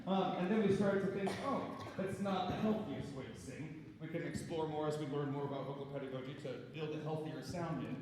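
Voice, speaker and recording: A man coaching a chorus through a vocal warm-up in a chatty way, often checking in with "right?". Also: on the high side, a little fast, hardly any pauses, crowd noise. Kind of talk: rehearsal coaching. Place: large echoey rehearsal hall. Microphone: distant room recording. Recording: echoey hall recorded from far off.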